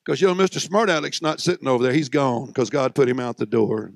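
Gravelly, emphatic male preacher. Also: medium pitch, no echo. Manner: emphatic, drawling, swinging between loud and hushed; folksy, joking asides to the congregation. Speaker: visiting preacher. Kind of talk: fiery sermon.

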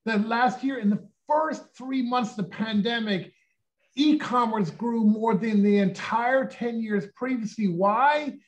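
A man in his sixties giving an energetic sales pitch on a video call, firing off rhetorical questions and acting out quotes. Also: unhurried, dull audio. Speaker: company co-founder presenting.

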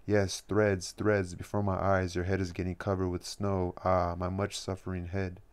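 A man's voice: deep voice, level tone, normal speed, clear, resonant tone, natural voice. A man voicing a passionate young woman in love, reading her lines with emotion in an audiobook reading. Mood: tearful tender.

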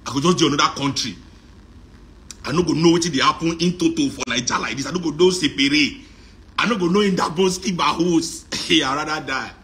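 A middle-aged Nigerian man with a Nigerian accent, talking in a joking, animated monologue that mixes in Pidgin and Yoruba. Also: a little high, a little fast. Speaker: musician talking on a live stream. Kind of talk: casual monologue.

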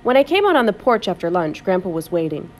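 A woman's voice: on the low side, fast, a little hiss or hum. Woman reading a kids' novel aloud. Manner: expressive storytelling. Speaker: audiobook reader.

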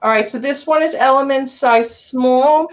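A woman's voice: sits high, moderate pace, highs cut off. A woman with a Long Island accent hosting a live resale auction, chatting with viewers and reading out item sizes and bidder names. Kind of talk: casual live-sale patter.

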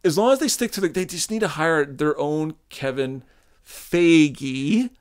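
This man's voice sits on the high side, fairly quick and animated. He hosts a podcast with casual, lively chat, cursing freely and playing out what other people might say.

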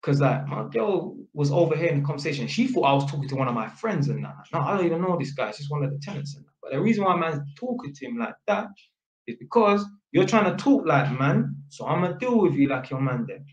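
A man's voice: a little high, sing-song, fast talker, highs cut off. A young man, an electrician, casually telling a work story from his home, full of slang and tag questions. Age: young adult. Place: home, sitting at a small table. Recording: echoey room.

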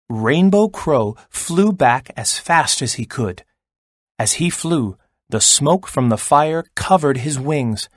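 Male storyteller for a kindergarten read-aloud, slow and animated. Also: mid-range voice, no echo, studio quality.

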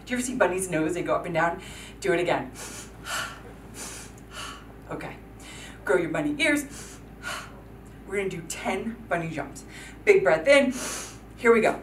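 Here the instructor's voice sits on the low side, yet her intonation is lively as she cheerfully encourages kids and counts out their yoga moves. She talks at a normal speed but leaves long pauses. The echoey room is captured from far off, with slight background noise.

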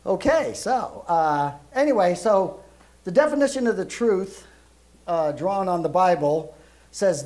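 A middle-aged man from Brooklyn, raised in Europe, preaching a casual sermon in a loud voice with lots of ums and uhs. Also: high voice, expressive, measured pace. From Brooklyn, New York, raised in Europe. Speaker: guest preacher.

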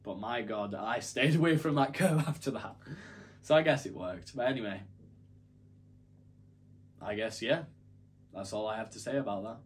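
A man's voice: on the low side, moderate pace, long pauses. A young man telling a story to camera in a casual, rambling, self-deprecating way. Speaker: YouTuber.

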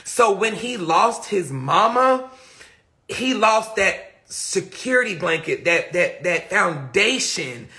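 A man's voice: high-pitched, very animated, takes it slowly, bright, forceful tone. A man chatting casually on a phone livestream, answering viewer comments in a rambling, profane and emphatic way.

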